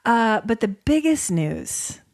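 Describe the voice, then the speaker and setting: A woman's voice: fairly high pitch, very animated, takes it slowly. A woman co-hosting a podcast, sharing family news in a casual, easygoing way. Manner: warm storytelling, laughs easily. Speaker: podcast co-host. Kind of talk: casual chat.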